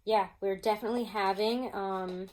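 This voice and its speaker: A woman with a medium-pitched voice talks at a normal speed in a rough recording. She's a chatty, animated tarot reader doing a casual reading for viewers at home with pets nearby, and she uses lots of "like" and "um" fillers.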